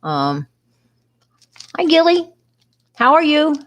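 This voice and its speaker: A woman's voice: high voice, big pitch swings, slow pace. A middle-aged woman with a New York accent, chatting casually with viewers on a crafting livestream and greeting them by name.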